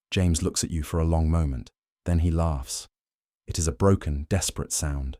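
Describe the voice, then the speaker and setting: A man narrating a bedtime history story in second person, calm and even. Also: a bass voice, normal speed, no room sound, studio quality.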